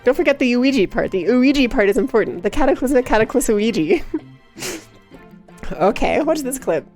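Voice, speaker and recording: A woman's voice: a little high, expressive, normal speed, a little mellow, faint music behind. A woman live-streaming in casual chat, playful and giggly, teasing her viewers and cooing baby talk at her cat. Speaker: livestreamer.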